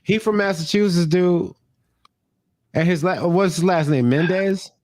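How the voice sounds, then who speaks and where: A man's voice: sits high, measured pace, no room sound, clean studio sound. A young man co-hosting a comedy podcast, talking casually with profanity and jokey mock rants. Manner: profane, joking, slips into loud mock rants. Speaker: podcast co-host.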